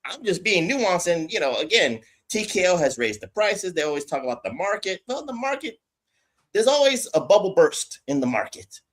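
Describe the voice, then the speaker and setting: Animated, ranting man on a podcast. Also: sits high, moderate pace. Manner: animated ranting, laughs, swears, apologizes jokingly. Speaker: podcast co-host. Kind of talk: casual chat.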